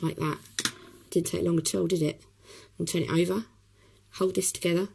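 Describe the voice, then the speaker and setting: Brief: hoarse woman, chatty craft tutor, lowish gravelly voice. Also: flat delivery, normal speed, a little mellow, a little hiss or hum, rough recording. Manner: chatty, talks while working, many ums. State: hoarse from a cough.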